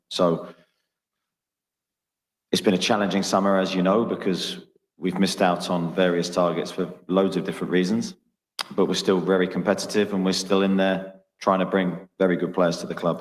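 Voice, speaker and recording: Deep, flat-voiced man answering press questions carefully, echoey room with long reverb. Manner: measured, guarded, hesitant. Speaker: football club manager. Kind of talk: press conference.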